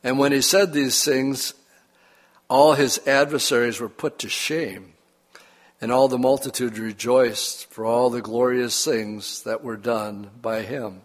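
An older man preaching a sermon, reading scripture and telling folksy personal stories with lively emphasis. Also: mid-range voice, measured pace. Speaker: pastor.

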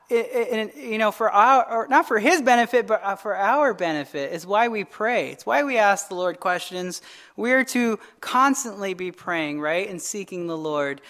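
A woman with a slightly higher voice teaches a midweek Bible study. She talks conversationally, checks in with "right?" and often restarts her phrases as she goes through scripture. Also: fairly bright tone.

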